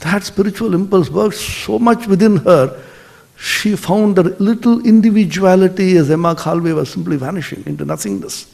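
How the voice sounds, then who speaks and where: A man giving a spiritual lecture, telling stories expressively and dropping to soft tones for emphasis. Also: a little high, moderate pace, vocal fry.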